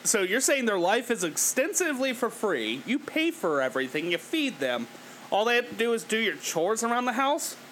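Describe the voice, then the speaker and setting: A man casually riffing on a podcast, sarcastic and profane. His voice is high, bright and animated. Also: normal speed, slight background noise. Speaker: podcast host. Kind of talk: casual reaction commentary.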